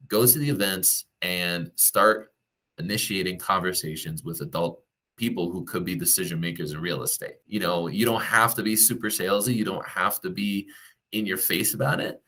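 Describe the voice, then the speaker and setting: A man's voice: sits low, steady tone, normal speed, pushed and bright. A man who works as a real estate agent, giving direct, coaching advice to the viewer in a casual vlog.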